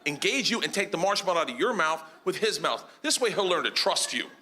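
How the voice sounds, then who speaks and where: A man's voice: high voice, very animated, a little fast, pushed and bright, heavily acted. A man voicing a blunt, no-nonsense male animal trainer giving matter-of-fact instructions. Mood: instructive.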